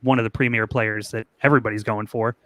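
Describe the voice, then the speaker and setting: A man's voice: on the low side, level tone, fast talker, a bit bright, no echo. A man co-hosting a podcast in casual chat, telling stories with a joking manner. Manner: joking storyteller. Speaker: podcast co-host.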